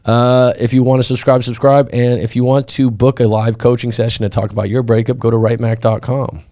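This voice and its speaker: A man's voice: mid-range voice, level tone, a little fast, mellow. A man hosting a live stream as a breakup coach, talking in a chatty way and often asking "right?". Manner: chatty, frequently asks "right?".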